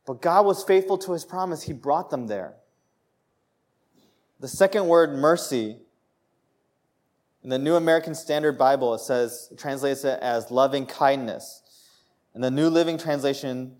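A young man preaching a sermon, telling a personal story with laughter and rising to joyful shouts. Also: medium pitch, measured pace. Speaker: pastor.

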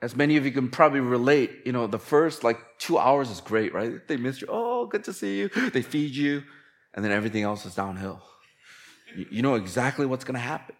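A man's voice: medium pitch, brisk. A man preaching a sermon in a conversational, relatable way, often acting out quoted lines. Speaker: pastor.

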